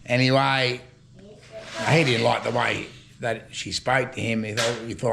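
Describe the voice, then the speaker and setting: A man's voice: mid-range voice, little pitch movement, measured pace, creaky, background noise. An older Australian man telling rambling, chuckling stories at home in casual slang. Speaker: storytelling vlogger. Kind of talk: casual yarn-spinning.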